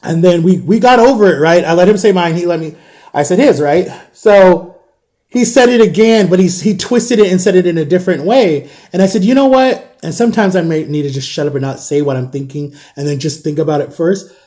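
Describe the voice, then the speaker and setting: A man's voice: high voice, brisk, warm tone. A man in his thirties telling a personal story in a casual storytime vlog, animatedly retelling a conversation and quoting both sides of it.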